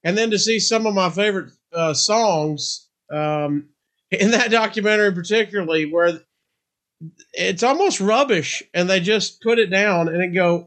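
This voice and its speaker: A man's voice: sits high, normal speed, fairly bright tone. A male interview host asking eager, chummy, curious questions in a casual chat.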